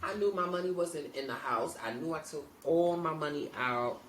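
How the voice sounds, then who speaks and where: A woman co-hosting a podcast, telling a story in a relaxed, casual way and acting out the people in it. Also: deep voice, normal speed. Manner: animated, acts out quoted people. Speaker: podcast co-host. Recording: roomy, distant mic with faint noise.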